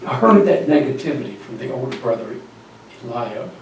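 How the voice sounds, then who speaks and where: A man's voice: medium pitch, lively intonation, a little fast, slight background noise. A man preaching a sermon, telling a story and asking the congregation questions. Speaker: pastor. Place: church sanctuary. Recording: echoey church hall from far off.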